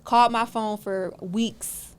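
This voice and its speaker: Podcast guest: woman, fairly high voice, punchy and slangy, lively storyteller. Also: slow, smooth. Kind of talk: casual storytelling.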